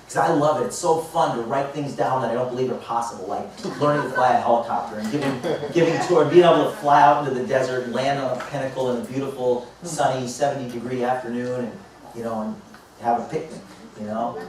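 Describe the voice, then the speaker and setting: A man in his fifties, a motivational speaker telling lively stories to a live audience and acting out both sides of conversations. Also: medium pitch, quick pace, a crowd in the background. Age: 50s. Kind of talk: storytelling talk to a live audience. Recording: echoey hall, mic far off, faint noise.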